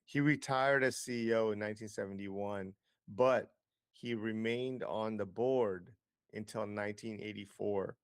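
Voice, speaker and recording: A man's voice: fairly low pitch, steady tone, unhurried, clean tone, dry recording, clean studio sound. A man as an interview guest, explaining investing with lots of figures, fillers and restarts. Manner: explanatory, data-heavy, frequent fillers and restarts.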